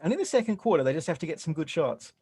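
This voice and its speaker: A man giving relaxed color commentary on a basketball game, explaining plays and often restarting his sentences. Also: a little high, very fast, breathy edge, no room sound. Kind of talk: casual game analysis.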